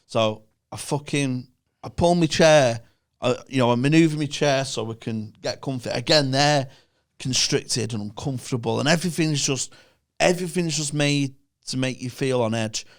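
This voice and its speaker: A man's voice: mid-range voice, normal speed. A young man with a Northern English accent, a podcast guest ranting and telling stories in casual, sweary chat.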